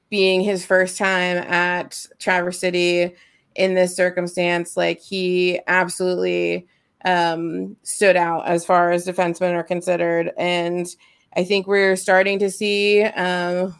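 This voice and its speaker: A woman's voice: lowish voice, creaky, smooth. A woman co-hosting a podcast, chatting with gushing enthusiasm. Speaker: podcast co-host. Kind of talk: casual chat.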